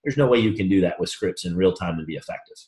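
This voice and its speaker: A low-voiced man talks quickly through a motivational sales training talk to a room. He tells animated stories, acting out both sides of each conversation. There's a roomy echo.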